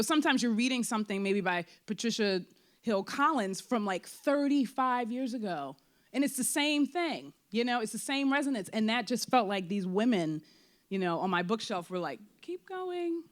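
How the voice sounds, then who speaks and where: Onstage after a show, a playwright and performer talks candidly with a theater audience, animated and full of fillers, acting out the thoughts she quotes. Her voice is a little high and her pace is normal.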